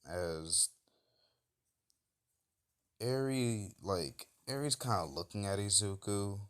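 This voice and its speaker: Low-voiced man rambling through a story. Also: animated, slow, a bit bright, smooth. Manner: rambling, many fillers and self-corrections. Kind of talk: casual improvised fan-story retelling.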